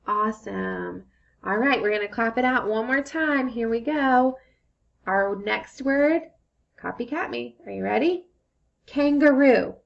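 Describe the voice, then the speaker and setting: A young woman teaches young children with a fairly high voice that carries a gravelly fry. She speaks very slowly and encouragingly, breaking into sing-song excitement, and the recording sounds a little dull. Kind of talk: children's phonics lesson.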